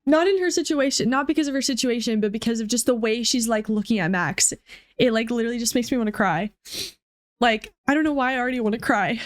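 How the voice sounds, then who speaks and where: A woman's voice: on the high side, fast talker. A young woman commenting on a game as she plays, rambling and emotional, with many fillers. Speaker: gaming streamer. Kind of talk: let's play commentary.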